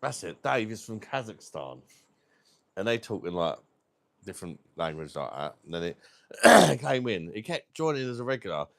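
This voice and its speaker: A man's voice: lowish voice, sing-song, moderate pace, vocal fry. A British man hosting a livestream, chatting casually and rambling, swearing freely. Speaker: livestream host.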